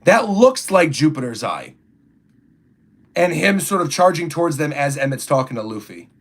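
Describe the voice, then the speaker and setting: A man's voice: a little high, big pitch swings, normal speed. A young man chatting casually on a livestream, rambling through his thoughts and reading viewer comments aloud. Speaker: streamer reacting to a comic chapter.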